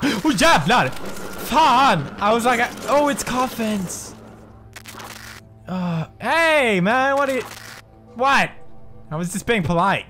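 A young man in his twenties giving jokey, swear-filled let's play commentary on a horror game, dropping to low mutters and jumping to frightened yelps. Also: fairly bright tone. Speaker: gaming commentator.

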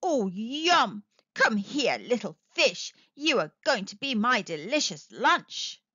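A woman's voice: on the high side, sing-song, slow, pushed and bright, dry recording, heavily acted. A woman voicing a hungry young female shark in a children's storybook, eager and greedy, breaking into sobbing boo-hoos. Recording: dull, slightly lo-fi, dry.

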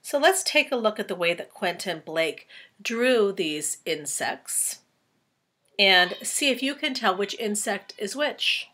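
Animated woman reading a story. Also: medium pitch, slow pace, breathy edge. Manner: animated, asks children questions. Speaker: teacher reading aloud. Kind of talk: storybook read-aloud for children.

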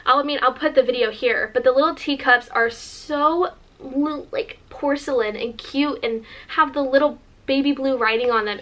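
A young American woman in her twenties talks straight to camera in a casual vlog, her voice sitting a little high. She gushes with enthusiasm and keeps slipping in "like" as she rambles along. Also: fairly bright tone. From Northern California, USA. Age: 20s. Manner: gushing, chatty, heavy use of "like". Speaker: vlogger. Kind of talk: casual sit-down vlog chat.

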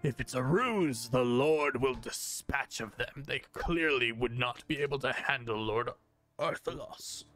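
A man voicing a cautious older gentleman who speaks slowly and deliberately. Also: mid-range voice, faint music behind, lightly acted. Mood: reasoning.

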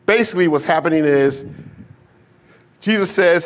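A man's voice: a little high, lively intonation, normal speed. A male pastor preaching a sermon to a congregation in a church, mixing humor, slang and rhetorical questions into his storytelling. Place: church sanctuary with a live congregation.

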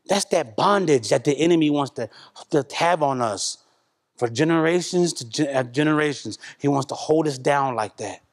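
A middle-aged man from Oklahoma delivers a sermon in a church, his voice pitched high for a man and carrying a long reverb through the hall. He tells stories in a loose, colloquial way, rising loud and then dropping to a hush. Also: moderate pace. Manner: animated, colloquial storytelling with shifts between loud and hushed. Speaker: pastor. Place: church sanctuary.

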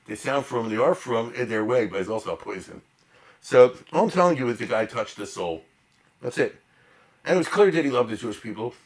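A man giving an informal storytelling lecture, animated and emphatic, with chatty asides to the audience. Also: medium pitch. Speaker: lecturer on history.

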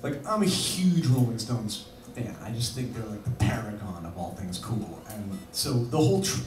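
On stage at a bar venue, a musician tells a rambling live anecdote, laughing and full of fillers and restarts. His medium-pitched voice is sing-song, at normal speed with few pauses, over background music. It is captured from far off in an echoey live room with noise.

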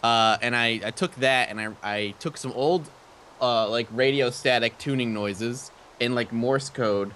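A man co-hosting a let's play, talking in an easygoing, chatty way with quick laughs. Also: mid-range voice, a bit bright, a little hiss or hum. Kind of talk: casual gaming chat.

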